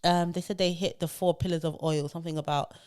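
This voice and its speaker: A woman co-hosting a casual podcast, talking in an animated way and slipping into mock posh voices. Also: fairly low pitch, quick pace, clear, resonant tone. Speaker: podcast co-host. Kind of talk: casual chat.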